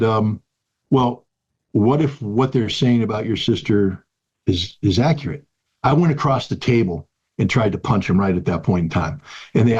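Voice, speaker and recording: A man's voice: fairly low pitch, darkish tone, husky, muffled recording. A man in his sixties in an interview, telling a personal story in an earnest, emphatic way and repeating key phrases. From United States. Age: 60s. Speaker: guest.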